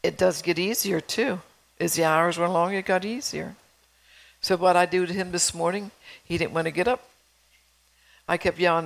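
A woman's voice: lowish voice, fairly even intonation, normal speed, gravelly, long pauses, poor audio. A woman preaching a sermon in a conversational way, reading scripture and telling stories from her own home life.

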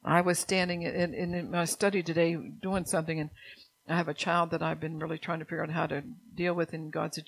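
A middle-aged woman pastor preaching a sermon, earnest and direct with her congregation, dropping soft and low at times and rising to urgent exhortation. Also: flat delivery, fairly quick, vocal fry, rough recording. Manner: addresses the congregation directly with "church" and "amen".

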